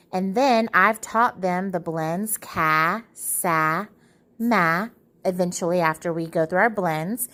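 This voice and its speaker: A woman teacher guides parents through how children learn to read. She explains patiently and slows down to sound out letters and short words as examples. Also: medium pitch, fairly bright tone. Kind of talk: phonics lesson for parents.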